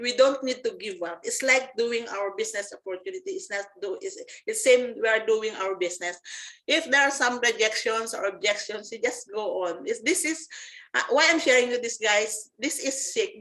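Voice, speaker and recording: A woman, giving a personal testimony as a network marketing presenter, earnest and halting with frequent restarts. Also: mid-range voice, a bit bright, rough recording. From Philippines.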